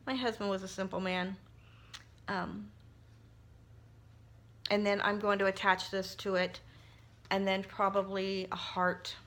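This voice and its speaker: A woman's voice: mid-range voice, flat delivery, measured pace, pauses often, a bit bright. A middle-aged woman talking casually while crafting, telling a personal story in a heartfelt, emotional way with frequent restarts. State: tearful at times. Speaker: crafting vlogger.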